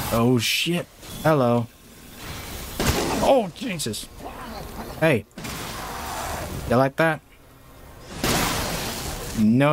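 A man playing a horror game and talking through it casually, with slow, drawn-out remarks that jump to startled shouts and curses. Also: on the low side, noisy background. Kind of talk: casual let's-play commentary.

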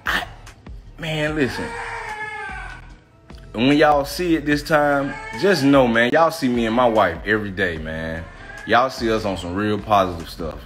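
A man's voice: medium pitch, measured pace, long pauses, fairly bright tone, faint music behind. Laid-back man in a home vlog. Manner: laid-back slangy talk, often says "cuz" and "you feel me". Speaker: vlogger and father. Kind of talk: casual home vlog chat.

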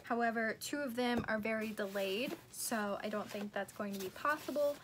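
A woman's voice: a little high, moderate pace, noisy background. A young woman chatting casually as she unboxes book merchandise, gushing and easily awed.

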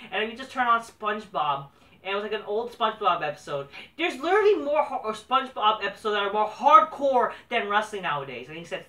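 Brief: cussing male reviewer ranting with scorn, sharp bright tone, set back from the mic. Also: sits high. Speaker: wrestling show reviewer. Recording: roomy echo, distant mic.

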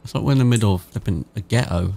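Rapid-fire and warm, with vocal fry in his fairly low voice, a British gaming YouTuber from England chats casually through a let's-play. He swears without restraint and reads the game text aloud.

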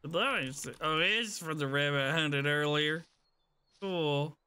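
A man's voice: on the high side, measured pace, sharp tone, clean tone. A young man streaming a game, chatting casually and playfully as he plays. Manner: playful, rambling, sings silly ditties. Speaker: gaming streamer. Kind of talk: casual let's-play commentary.

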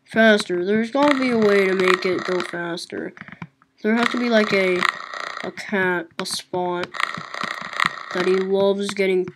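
A woman gaming YouTuber giving casual gameplay commentary, excitable, swinging from low mumbling to loud outbursts. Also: measured pace. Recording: loud background noise.

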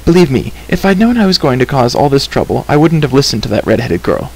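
A man's voice: medium pitch, big pitch swings, fast, gravelly, a little mellow, rough recording. A man voicing a chatty wandering bard who talks in a flowery, apologetic way, in a storybook reading. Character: chatty wandering male bard, flustered and wordy.

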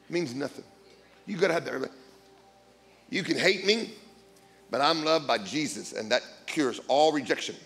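A man preaching as a guest speaker, blunt and emphatic, swinging between quiet asides and loud declarations. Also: fairly high pitch, lively intonation, a little slow, vocal fry, pauses often. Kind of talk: sermon.

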